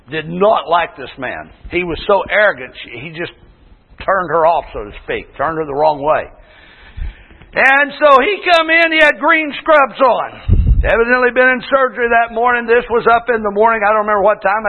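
A man in his sixties, a pastor preaching a folksy sermon with shouted bursts and homely stories. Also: high-pitched. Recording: tinny phone-like sound in a long-echo hall.

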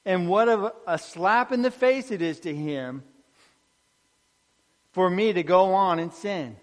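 A man preaching an earnest sermon, dropping soft on key phrases. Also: high voice, slow pace, in a large hall.

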